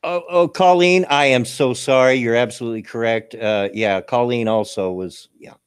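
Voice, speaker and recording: A man's voice: mid-range voice, normal speed, clear, resonant tone. A man hosting a casual chat show, folksy and chatty, repeating his words. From American South. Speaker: host.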